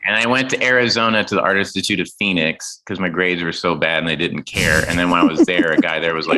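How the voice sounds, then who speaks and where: A man in his forties from Oklahoma, a guest in casual chat, telling animated stories and acting out the people in them. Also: low voice, quick pace, few pauses, a crowd in the background, low-quality recording. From Oklahoma, USA.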